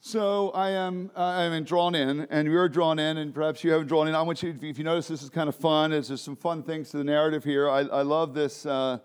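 A man preaching a sermon as pastor in a church service, animated and self-deprecating, often restarting his sentences and laughing. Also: on the high side, a little fast, hardly any pauses, clean tone. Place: church during a worship service.

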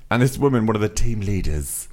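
A man's voice: on the low side, brisk. A man in casual chat, telling stories animatedly. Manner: animated storyteller.

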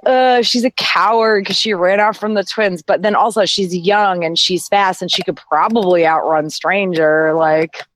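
A woman's voice: medium pitch, normal speed, few pauses. A woman on a fan podcast panel, talking in a rambling way with lots of restarts. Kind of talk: casual livestream chat.

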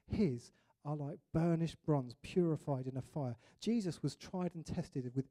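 Male preacher from England, mellow and fairly high, animated sermon delivery, quick to act out scenes. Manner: animated, acts out little scenes and voices.

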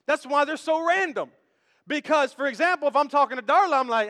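A man preaching from a church stage with a very high, bright voice. He keeps it playful and conversational, joking with the congregation. The sound rings out with the long reverb of a big hall. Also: fairly quick. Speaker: pastor. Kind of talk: sermon.

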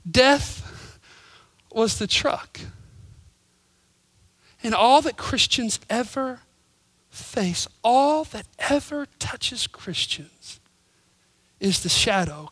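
A man voicing an old preacher gently teaching his grown children. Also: sits high, dry recording, full character voice. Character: old preacher, calm and fatherly.

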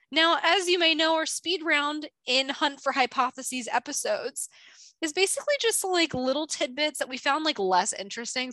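A woman's voice: high-pitched, bright, forceful tone, no room sound. A woman co-hosting a podcast, chatting casually and animatedly about science, with lots of filler words. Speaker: podcast co-host.

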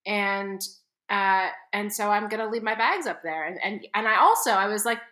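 A woman co-hosting a podcast, telling a story in a casual, animated way and acting out the people in it. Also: mid-range voice, brisk, echoey room. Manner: animated, quotes people with exaggerated voices. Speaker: podcast co-host.

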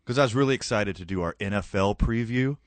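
A man co-hosting a casual morning sports radio show, relaxed and quick to laugh. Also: lowish voice, dry recording. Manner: laid-back, laughs easily. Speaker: radio co-host.

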